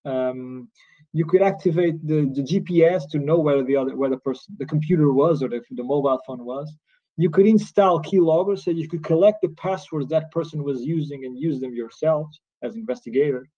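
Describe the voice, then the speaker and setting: A slightly high yet dark-toned voice, steady and a little fast, belongs to a man from Portugal lecturing on cybercrime law. With a Portuguese accent, he explains earnestly at a conference, recorded in dull lo-fi.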